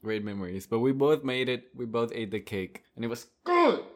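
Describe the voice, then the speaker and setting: A man hosting a podcast who tells a personal story in a casual, animated way and laughs often as he talks. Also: mid-range voice, normal speed. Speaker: podcast host.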